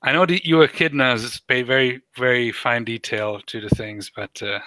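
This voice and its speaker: A man's voice: medium pitch, fairly even intonation, moderate pace, bright, forceful tone, no room sound, natural voice, rough recording. A man voicing an old, wise male owl scientist who hoots and rambles through his warnings. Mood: earnest. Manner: hooting, rambling. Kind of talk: tabletop role-play voicing.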